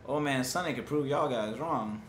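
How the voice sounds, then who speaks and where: A man's voice: medium pitch, moderate pace. A young man joking his way through game commentary as a gaming channel host. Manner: joking, animated. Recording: echoey room with noise.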